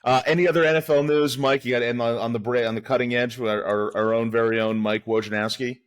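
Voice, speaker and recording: A man's voice: mid-range voice, steady tone, fast talker. A man co-hosting a casual sports podcast, talking hesitantly with stammers and frequent laughs. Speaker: podcast co-host.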